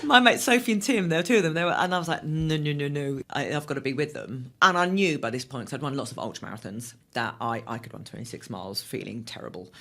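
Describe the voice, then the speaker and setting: A middle-aged woman as an interview guest, telling stories in a casual, animated way and laughing often. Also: low-pitched, quick pace, gravelly, few pauses, a little hiss or hum.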